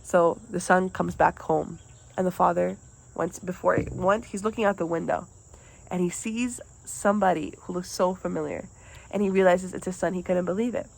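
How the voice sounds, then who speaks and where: A young woman retelling a parable for a class, then reflecting on it in an earnest, halting way with restarts. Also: lowish voice, fairly even intonation, gravelly, low-quality recording. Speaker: student presenter.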